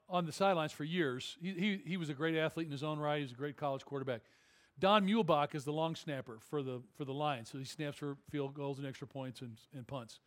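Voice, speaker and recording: A man's voice: a little high, a bit bright. A man preaching a sermon, telling a humorous story and then building to emphatic, rising appeals. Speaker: pastor.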